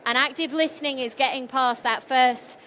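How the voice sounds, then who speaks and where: A woman's voice: high voice, steady tone, normal speed, a bit bright, slight background noise. A woman presenting at a conference, engaging the audience with questions. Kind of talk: conference talk.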